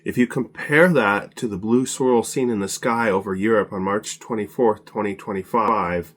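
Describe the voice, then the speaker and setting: A man's voice: lowish voice, moderate pace, a bit bright. A man giving a casual spoken presentation, hesitant with many fillers and restarts, slightly out of breath as he gets over an illness.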